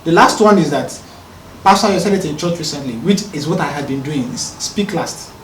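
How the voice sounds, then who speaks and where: A man, a podcast co-host talking calmly and earnestly, often checking whether he is understood. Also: on the high side, a little fast, a little hiss or hum. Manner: calm, earnest, explaining with rhetorical checks. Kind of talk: casual conversation. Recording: roomy, distant mic, faint music.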